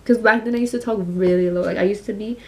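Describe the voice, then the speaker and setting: A young woman vlogger chatting casually while doing her makeup, soft-spoken and a little mumbly, with lots of fillers. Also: medium pitch, steady tone, fast talker.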